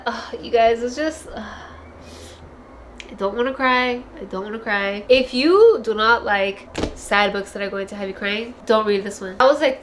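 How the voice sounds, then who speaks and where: A woman with a slightly high voice, tearful and candid, reviews books in a loose, chatty monologue to her viewers. She repeats words for emphasis and curses freely. A faint background hiss sits under her voice. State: tearful, close to crying. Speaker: book vlogger. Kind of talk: casual book review monologue.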